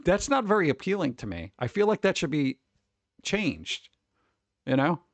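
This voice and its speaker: A man's voice: fairly high pitch, big pitch swings, normal speed, dry recording. A man streaming live, reading holidays aloud and cracking jokes in a casual, playful way. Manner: joking, playful, riffing.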